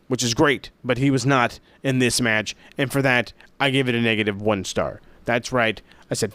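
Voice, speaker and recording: Smooth and fairly quick with hardly any pauses, a mid-range male voice recaps an old wrestling show in a dry recording. The host is sarcastic and profane, animatedly storytelling with lots of swearing and side remarks.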